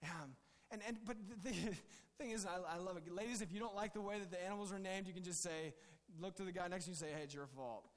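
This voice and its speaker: A man's voice: high-pitched, fast talker, in a large hall. A male pastor giving a conversational, jokey sermon with many restarts.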